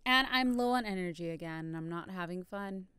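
A woman giving bubbly, excitable commentary while playing a video game, talking to the characters on screen. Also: lowish voice, brisk, clean tone, dry recording. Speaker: gaming video host. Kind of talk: casual gameplay commentary.

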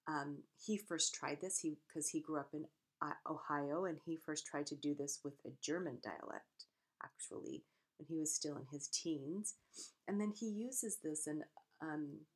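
A woman giving a conversational literature lecture, often correcting herself and pausing with fillers. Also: deep voice. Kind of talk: recorded lecture.

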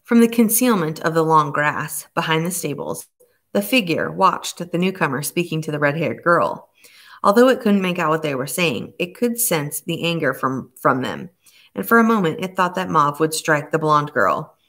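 A woman narrating a novel as an audiobook, reading in a steady, measured way. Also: low voice. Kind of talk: scripted narration.

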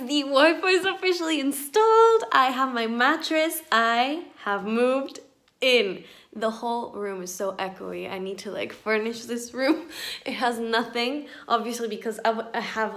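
An excitable young woman in her twenties chats to her phone camera in a casual vlog, her talk full of "like" and small laughs. She is filming in a bare, empty flat, so her voice carries a slight room echo. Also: mid-range voice. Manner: chatty, excitable, filler-heavy with frequent laughs. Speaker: vlogger. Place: empty echoey flat indoors.

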